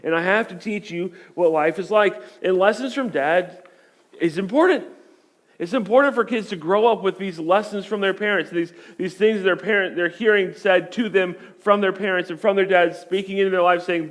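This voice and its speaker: A man's voice: high-pitched, moderate pace. A middle-aged man, a pastor, giving a sermon in a church in a conversational, joking storytelling manner.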